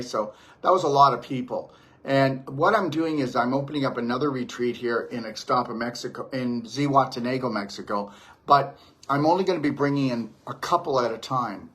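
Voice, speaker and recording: A husky-voiced man preaches to the camera about detox and healing. He is emphatic and insistent and keeps returning to the same stock phrases. He is recorded at his home near a beach. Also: medium pitch, a bit bright. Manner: emphatic and preachy, repeats "the reality is". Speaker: detox practitioner. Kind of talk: impassioned monologue to camera.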